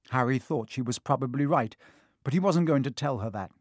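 An audiobook narrator telling a story in an animated, expressive way. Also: brisk, no room sound, clean studio sound. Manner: animated storytelling, varied pitch. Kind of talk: scripted narration.

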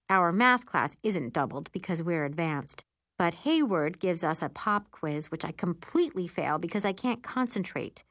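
A woman narrating a first-person audiobook in an expressive, wry storytelling manner. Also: fairly low pitch, no echo, studio quality.

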